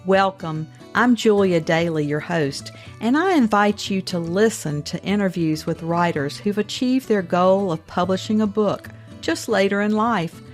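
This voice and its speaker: A woman in her seventies hosting an author interview show, reading a measured scripted introduction and asking questions. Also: mid-range voice, animated, faint music behind. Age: 70s. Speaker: podcast host.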